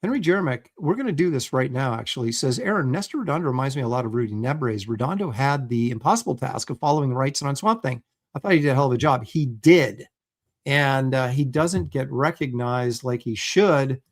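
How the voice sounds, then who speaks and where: A man's voice: mid-range voice, expressive, brisk. A middle-aged man hosting a casual livestream, talking loosely with plenty of ums and uhs. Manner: chatty, loose, lots of fillers. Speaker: host.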